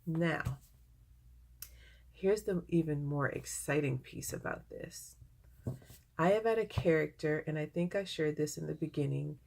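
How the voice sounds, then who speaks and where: A woman talks to her viewers in a casual vlog. Her voice sits low with a gravelly edge. She gushes and grows emotional as she shares her work. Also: unhurried, pauses often, a little mellow. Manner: gushing, emotional. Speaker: vlogger.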